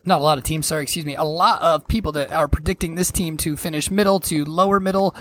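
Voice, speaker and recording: High-voiced man, casual sports podcast. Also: fast. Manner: animated, laughs easily, swears casually. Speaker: podcast co-host.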